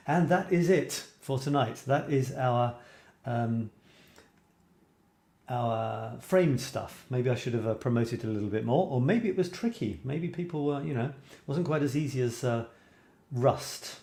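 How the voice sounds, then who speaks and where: A man's voice: mid-range voice, mellow. Chatty man reading comments. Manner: chatty, musing aloud, frequent fillers and restarts. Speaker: host of a photography live stream. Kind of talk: casual live-stream chat reading viewer comments. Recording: roomy echo.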